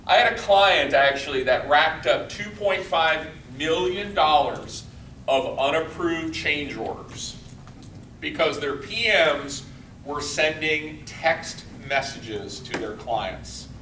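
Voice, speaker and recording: Lively male trainer in an echoey room. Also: a little high, slow pace, recorded from a distance, slight background noise. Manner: lively, conversational, acts out quotes. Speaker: workshop trainer. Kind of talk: corporate training seminar.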